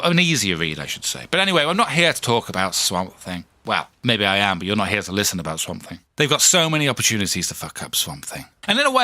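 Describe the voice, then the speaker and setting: Guy rambling on his podcast, bouncy up and down voice, bright edge, dry close sound. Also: mid-range voice, no echo. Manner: chatty, self-deprecating, frequent restarts and asides. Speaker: podcast host. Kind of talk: rambling solo monologue.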